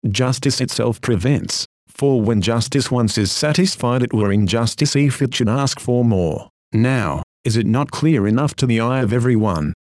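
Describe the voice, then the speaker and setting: A man delivering an old-fashioned sermon in a solemn, declamatory way, often slowing for drawn-out rhetorical phrases. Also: medium pitch, expressive, a little mellow, dry recording, clean studio sound. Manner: speaks to an imagined listener in old-style phrasing. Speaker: preacher.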